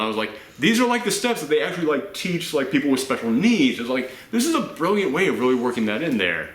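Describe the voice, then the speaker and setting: A man hosting a casual movie reaction chat, rambling and animated, acting out lines in silly voices. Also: medium pitch, normal speed, reverberant.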